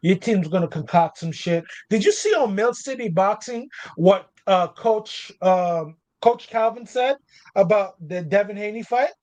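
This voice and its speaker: High voiced dude ranting about boxing, lots of cussing, dry sound. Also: male voice, lively intonation, a little slow, darkish tone, no echo. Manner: profane, slangy, heated. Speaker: podcast co-host. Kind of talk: casual boxing talk.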